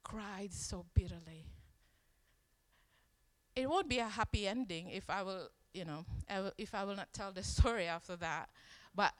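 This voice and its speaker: A woman's voice: medium pitch, brisk, few pauses, fairly bright tone, clear, resonant tone, in a large hall. A woman preaching a sermon in a conversational storytelling way, acting out the quoted lines as she tells the story.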